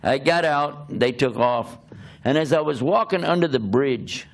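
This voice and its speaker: An older male preacher tells a funny story about himself in an animated, self-mocking way, frequently laughing mid-sentence. His gravelly voice sits in the mid range and moves a little slowly.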